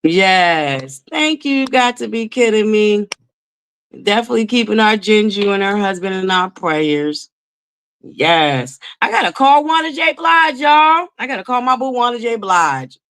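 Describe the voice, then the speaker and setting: A woman's voice: medium pitch, expressive, unhurried, a bit bright, smooth. A woman hosting a casual livestream from home, chatting and greeting viewers by name. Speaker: livestream host.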